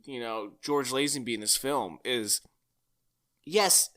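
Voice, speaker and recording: A male podcast co-host gushes about a movie in a loose, chatty way, often cutting in to add details. His voice is bright and forward, at an ordinary pitch. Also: takes it slowly. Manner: enthusiastic, chatty, jumps in with details. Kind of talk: casual film discussion.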